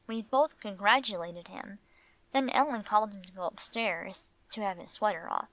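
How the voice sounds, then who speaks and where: A woman's voice: medium pitch, normal speed, a bit bright, dry recording, low-quality recording. Woman narrating an audiobook.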